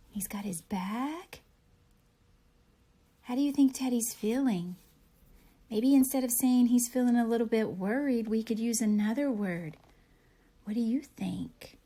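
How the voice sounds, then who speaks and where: A young woman teacher reading a picture book aloud to young children, pausing to ask gentle questions. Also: on the high side. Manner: gentle, animated storybook reading with questions to kids.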